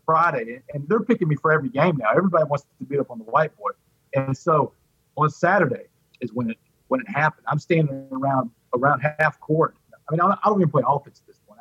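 A slightly high, husky-voiced man from Port Arthur, Texas tells his personal story as an interview guest. He's animated and acts out the voices of people he quotes, and the recording is dull, dry and lo-fi.

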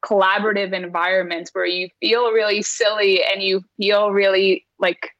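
A woman's voice: medium pitch, flat delivery, moderate pace, fairly bright tone, no room sound, muffled recording. A woman math teacher speaking earnestly in a casual conversation, often laughing as she talks and filling her sentences with "like.". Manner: earnest, laughs while talking, many "like"s.

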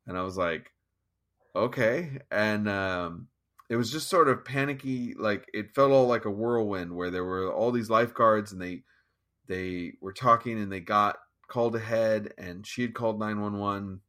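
A man telling a personal story in an interview, halting and restarting as he acts out his own thoughts. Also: on the low side, fairly bright tone. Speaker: guest musician. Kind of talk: conversational storytelling.

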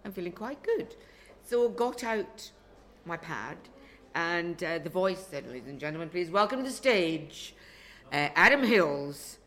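A woman's voice: lowish voice, lively intonation, a little slow, fairly bright tone. A woman reviewer telling a chatty anecdote in a podcast interview. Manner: chatty storyteller, quoting others.

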